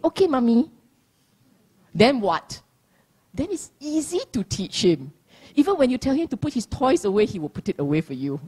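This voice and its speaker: A woman's voice: mid-range voice, dark tone, breathy edge. A middle-aged woman giving a dharma talk, playful and teasing, laughing often. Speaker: dharma teacher.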